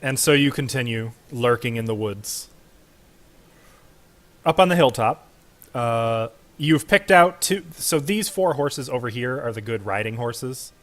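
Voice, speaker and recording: A man running a tabletop game as game master, laid-back, laughing easily, and giving quick rulings. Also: medium pitch, expressive, fairly bright tone.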